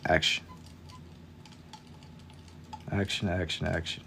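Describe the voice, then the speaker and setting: A man's voice: low voice, little pitch movement, takes it slowly, gravelly, bright, forceful tone, a little hiss or hum. A young man chatting casually with viewers while drawing on a live stream, laid-back and slangy, keeping his voice down for the late night.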